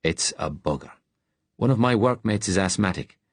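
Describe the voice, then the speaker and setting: A man voicing a gruff, worn-out working man who swears casually and talks in a low, rough register. The delivery is dry and close, plainly spoken with a weary edge. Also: animated, normal speed, dry recording.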